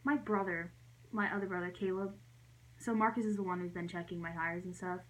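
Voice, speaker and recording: A woman's voice: fairly low pitch, steady tone, fairly quick, poor audio. A young adult woman telling a storytime vlog in a chatty way, full of "like" fillers, her voice jumping up when she acts out her own reactions. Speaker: vlogger.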